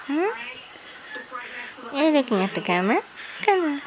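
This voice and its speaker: A woman with a Filipino accent, speaking baby talk to an infant she is filming, gently coaxing and asking soft questions. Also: high-pitched, very animated, unhurried, crowd noise, poor audio. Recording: home camcorder with background noise.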